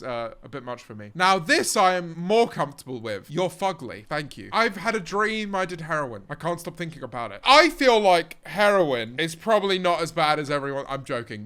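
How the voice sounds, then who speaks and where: Bright-voiced young man streamer. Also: on the high side. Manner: joking and teasing, turning earnest and reflective. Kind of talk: casual live-stream chat reading viewer confessions. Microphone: streaming desk mic.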